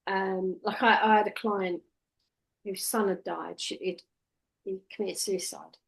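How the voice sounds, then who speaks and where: A woman coaching a trainee one-to-one. Her voice sits at a middle pitch, and she talks direct and practical, dropping into a softer, soothing tone when she quotes what she tells clients. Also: fairly even intonation, unhurried, gravelly, slightly rough. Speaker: hypnotherapy trainer. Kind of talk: casual one-to-one teaching.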